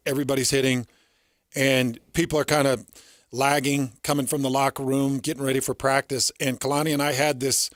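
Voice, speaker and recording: A man's voice: medium pitch, no echo, clean studio sound. A middle-aged man hosting sports radio, telling stories in an earnest, emphatic way.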